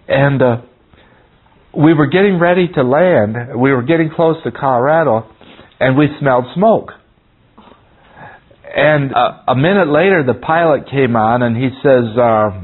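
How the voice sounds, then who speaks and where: A man's voice: fairly high pitch, big pitch swings, a little slow, pauses often. A man teaching a Bible class, telling a rambling story with frequent chuckles and restarts. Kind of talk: folksy storytelling sermon. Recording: tinny phone-like sound.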